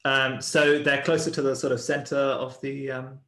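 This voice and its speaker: A man running a tabletop game as game master, describing the scene in a measured way. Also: mid-range voice, little pitch movement, fairly bright tone. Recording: roomy echo.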